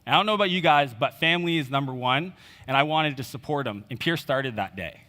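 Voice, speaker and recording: Bright-voiced man telling a story on stage. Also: mid-range voice, lively intonation, fast. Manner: conversational, with fillers and quoted dialogue. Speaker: conference speaker. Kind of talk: storytelling keynote talk. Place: conference stage in a large hall. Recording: reverberant hall.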